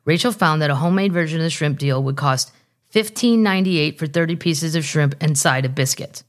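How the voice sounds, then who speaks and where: This podcast host has a low voice and speaks fairly quickly. Her style is casual comedic chat, mixing news read aloud with jokes tossed in along the way.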